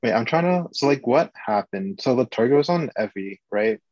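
A man's voice: medium pitch, lively intonation, normal speed, darkish tone, dry recording. A man co-hosting a podcast, chatting in an easygoing way and checking details with his partner. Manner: easygoing, asks checking questions. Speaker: podcast co-host. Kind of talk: casual recap chat. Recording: dull lo-fi podcast recording.

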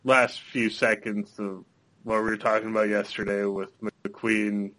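A man's voice: on the low side, level tone, a little slow, sharp tone, poor audio. A man hosting a podcast, talking in a wry, conversational way. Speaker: podcast host. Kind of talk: casual podcast chat.

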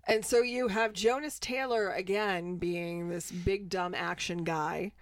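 A woman's voice: fairly low pitch, fairly even intonation, unhurried, no echo. Easygoing woman co-hosting a podcast. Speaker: podcast co-host. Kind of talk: casual chat.

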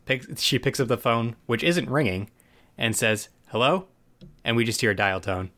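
A man's voice: medium pitch, normal speed, sharp tone. A man in casual podcast chat, loosely retelling a TV episode with restarts and asides. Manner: loose, rambling storyteller with restarts. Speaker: podcast co-host.

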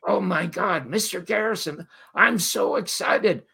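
An older man telling animated stories as a guest, quoting the people in them. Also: high-pitched, unhurried, vocal fry, breathy edge. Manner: animated storyteller quoting others. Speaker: guest storyteller. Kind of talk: casual interview anecdotes.

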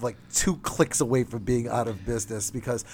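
A man's voice: mid-range voice, brisk, darkish tone, slightly rough. A man co-hosting a podcast in casual chat, telling rambling jokey stories. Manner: joking, rambling storyteller. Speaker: podcast co-host.

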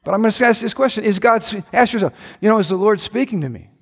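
High-voiced energetic preaching pastor. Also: male voice, quick pace, husky. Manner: energetic, preaching with sports play-by-play. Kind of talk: sermon. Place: church hall. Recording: long hall reverb.

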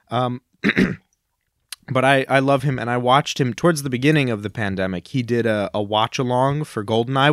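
A man's voice: mid-range voice, dry recording, clean studio sound. A man co-hosting a podcast, telling stories in a casual, enthusiastic, rambling way. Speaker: podcast co-host. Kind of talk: casual chat.

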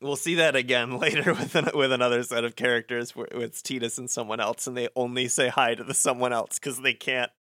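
Bright-voiced man casually recapping a game. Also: medium pitch, steady tone, brisk, few pauses. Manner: joking, laughs often, swears casually. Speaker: podcast co-host.

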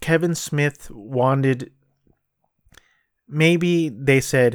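A man's voice: mid-range voice, steady tone, extremely slow, dry recording, studio quality. A man casually reviewing movies and plays on his own show, blunt and exasperated, repeating himself for emphasis. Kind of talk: casual solo review talk.

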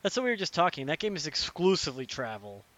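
A young man in casual podcast chat, ranting animatedly and swearing, acting out characters in quick impressions. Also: a little high, sing-song, a bit bright, no room sound.

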